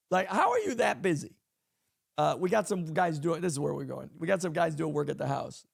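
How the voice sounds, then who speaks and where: High, gravelly-voiced pastor talking leadership. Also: male voice. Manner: emphatic, repeats key lines for effect. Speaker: pastor and podcast host. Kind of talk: casual leadership talk on a podcast.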